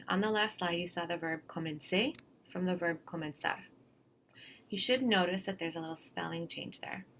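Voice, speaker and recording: A woman's voice: on the low side, vocal fry, a bit bright, a little hiss or hum. A woman teaching Spanish over a slide lesson in a chatty, encouraging, plain-spoken way.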